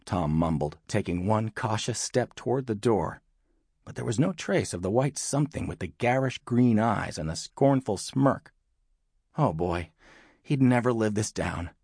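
A man narrating an audiobook in an expressive storytelling manner. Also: lowish voice, moderate pace, husky, dry recording, clean studio sound. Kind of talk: scripted narration.

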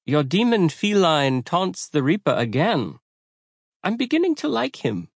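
A man's voice: sits high, sing-song, vocal fry, breathy edge, no echo, studio quality, pitched above the performer's own voice, heavily acted. A man voicing a hulking, menacing male vampire with a light German accent, in an audiobook. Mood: menacing amusement. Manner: deliberately menacing, amused.

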